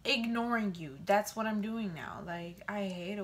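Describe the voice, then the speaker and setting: A young woman vlogging casually to her camera, telling animated stories and acting out the voices of the people in them. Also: medium pitch, normal speed, slight background noise. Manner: animated storytelling, quoting voices.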